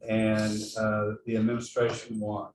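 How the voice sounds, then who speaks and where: A man on a board who speaks in a halting way, with restarts, during a meeting discussion. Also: on the low side, monotone, a little mellow, far from the mic. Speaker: board member. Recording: echoey room, off-mic, faint noise.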